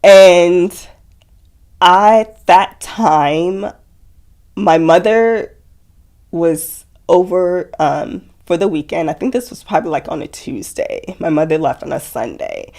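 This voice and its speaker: A woman's voice: fairly low pitch, animated, slow pace, darkish tone. A young adult woman telling an emotional personal story in casual conversation, full of "like" fillers and quoting herself and others. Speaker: guest sharing a personal story.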